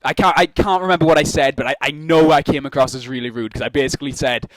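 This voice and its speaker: A man's voice: on the high side, quick pace, no echo, poor audio. A young man in casual chat who tells a story with swearing and laughter. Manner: animated, swearing, laughing while telling a story. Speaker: co-host.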